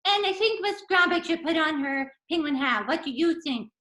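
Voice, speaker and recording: A squeaky little penguin puppet with a very high, bright voice, put on by a woman. It is cheeky and bossy and insists on being the star of the storybook act. The sound bounces around an echoey room. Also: expressive, normal speed, exaggerated voice.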